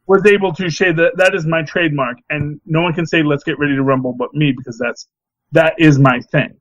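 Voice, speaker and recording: A middle-aged man co-hosting a podcast, talking in a rambling, animated casual chat full of restarts. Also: a little high, a little fast, no room sound, muffled recording. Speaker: podcast co-host.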